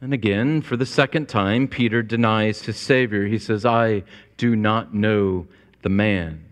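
A man's voice: on the low side, a little slow. A man preaching a sermon to his congregation, earnest and storytelling, with a long church reverb. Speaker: pastor. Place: church sanctuary.

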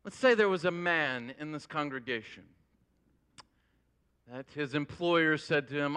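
A man preaching a sermon as a pastor, telling an animated illustration to his congregation with rising emphasis. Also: on the high side, measured pace, long pauses, smooth.

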